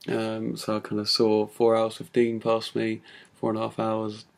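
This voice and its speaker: A man's voice: lowish voice, completely flat delivery, moderate pace, gravelly. A man telling a personal story in a talk, casual and full of fillers. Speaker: speaker giving a talk.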